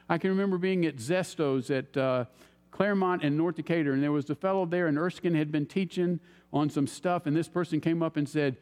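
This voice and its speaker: A man preaching a sermon as an animated storyteller, acting out his own reactions. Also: high-pitched, brisk. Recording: long hall reverb.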